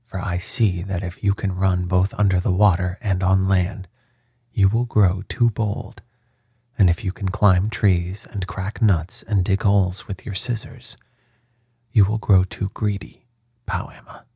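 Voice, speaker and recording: A stern, powerful old magician speaks in a measured hush that slips into whisper, as a man reading a storybook puts him on. His tone is low, dark and very husky. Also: level tone, no room sound, clean studio sound, heavily acted. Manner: quiet, measured, often whispered. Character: old, mighty male magician, stern and teasing.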